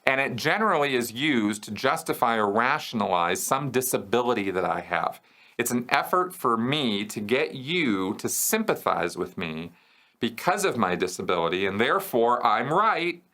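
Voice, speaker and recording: Male host, bright clear tone, easy explanatory delivery, keeps asking "okay?". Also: mid-range voice. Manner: conversational, checks in with "okay?" and "right?". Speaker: host answering viewer questions. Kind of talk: explanatory casual talk.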